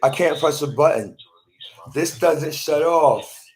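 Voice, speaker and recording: A man's voice: fairly high pitch, slow pace. Man rambling into a phone. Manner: rambling, repeats and restarts phrases. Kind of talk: rambling monologue to camera.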